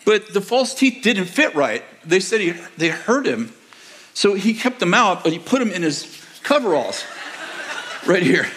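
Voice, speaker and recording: A man's voice: high-pitched, fairly bright tone, a little hiss or hum. An older man in his sixties, a pastor telling rambling, self-correcting childhood stories in a sermon, acting out the quotes. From United States. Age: 60s. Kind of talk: storytelling sermon. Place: church auditorium.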